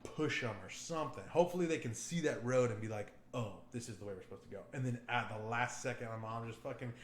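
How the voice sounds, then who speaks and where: A man's voice: medium pitch, fast, slight background noise. A man co-hosting a podcast, telling a rambling, profane story in casual chat. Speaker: podcast co-host. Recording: echoey room.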